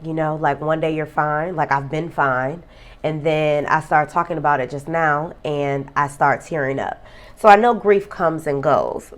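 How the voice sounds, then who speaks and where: A woman vlogger talking earnestly about a friend's death, emotional and close to tears. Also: sits low. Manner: emotional, tearful; reflective, earnest. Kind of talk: personal vlog talk.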